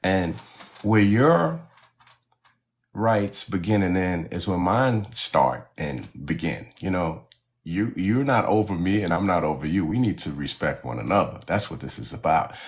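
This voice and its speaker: A man's voice: low-pitched, animated, measured pace. A man hosting a casual live-stream chat about gardening, folksy and preachy, with "you know" at every turn. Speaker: host.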